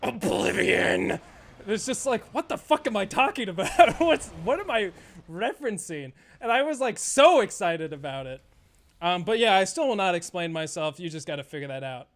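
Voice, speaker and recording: High-voiced young man, profane and rambling. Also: sing-song, normal speed. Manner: rambling, profane, laughs often. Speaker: streamer. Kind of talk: casual gameplay chat.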